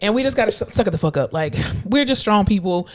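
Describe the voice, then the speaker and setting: A woman's voice: medium pitch, quick pace. A young adult woman co-hosting a podcast, telling stories bluntly and acting out quotes in casual chat. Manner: blunt, animated storytelling with voiced quotes. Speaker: podcast co-host.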